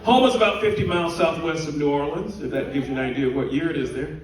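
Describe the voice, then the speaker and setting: A man with a slightly high voice performs animated stand-up comedy. He is heard from far off in a very echoey room, with a lively audience clearly audible behind him. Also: fast talker, very noisy. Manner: animated storytelling with laughter. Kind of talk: stand-up routine. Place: cruise ship theater, live audience.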